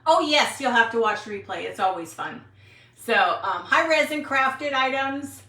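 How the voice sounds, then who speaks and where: A woman's voice: high voice, lively intonation, normal speed, pushed and bright. A woman in her sixties from Wisconsin, chatting casually and rambling as she hosts a craft livestream and answers viewers. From Wisconsin, USA. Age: 60s. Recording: roomy, mic at a distance.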